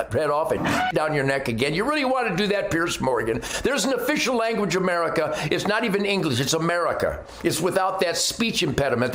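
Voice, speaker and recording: A man's voice: on the high side, a bit bright. A man giving a brash, combative, boastful opinion rant as host of his own commentary segment. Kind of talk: ranting opinion monologue. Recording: roomy echo.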